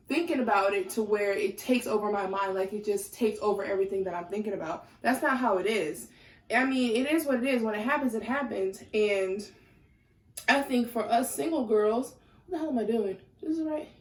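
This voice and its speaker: A woman's voice: on the high side, moderate pace, echoey room. A young woman chatting casually to her viewers while doing her makeup, sassy and candid, getting heated at times. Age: young adult. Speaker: lifestyle vlogger.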